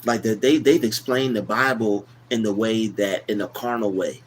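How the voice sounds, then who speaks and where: A man's voice: on the low side, fairly even intonation, moderate pace, a little hiss or hum. Man talking loose motivational stuff. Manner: loose, repetitive, preachy. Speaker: livestream host. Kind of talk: casual motivational livestream talk.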